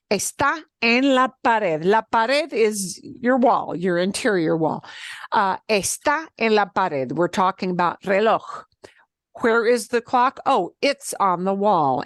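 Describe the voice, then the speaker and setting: A woman teaches a beginner language class, her voice at a middling pitch that leaps up and down as she explains. She talks in an animated, explanatory way and laughs often. The sound is dry and close, with no room echo. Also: a little slow. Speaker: Spanish teacher.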